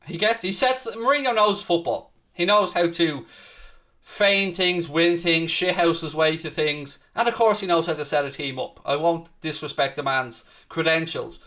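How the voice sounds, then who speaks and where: Passionately ranting about football on a live watchalong, a man keeps answering his chat. His fairly high voice is bright and forceful, moving at a moderate pace.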